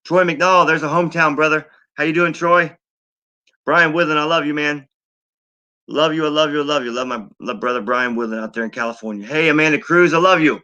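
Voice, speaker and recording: A man hosting a recovery livestream, encouraging viewers and reading out names from a fast chat feed. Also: on the high side, bright, forceful tone. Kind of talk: heartfelt livestream sign-off and shout-outs.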